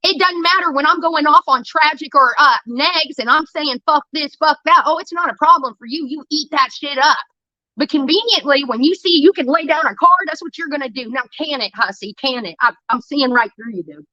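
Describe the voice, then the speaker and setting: A woman's voice: high-pitched, brisk, bright, forceful tone, no room sound, highs cut off. A woman streamer delivering a heated, profane rant about a falling-out with a friend, talking straight into a close mic. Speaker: livestreamer. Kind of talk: ranting livestream monologue.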